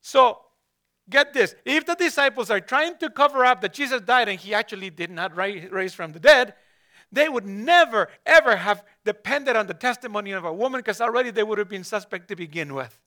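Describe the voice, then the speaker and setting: A man's voice: high-pitched, animated, a little fast, pushed and bright. A man preaching a conversational sermon, asking his listeners rhetorical questions and addressing some of them by name.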